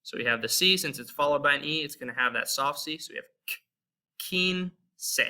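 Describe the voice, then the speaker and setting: A young American man with an American accent, giving a relaxed spoken lesson and slowly repeating example words. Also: fairly high pitch. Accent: American English. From United States. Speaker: Spanish teacher.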